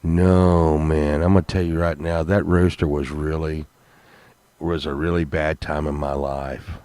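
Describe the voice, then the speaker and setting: A man telling rambling comic stories in a halting way, full of fillers and restarts. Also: very deep voice, little pitch movement, mellow, dry recording. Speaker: comedy podcast host.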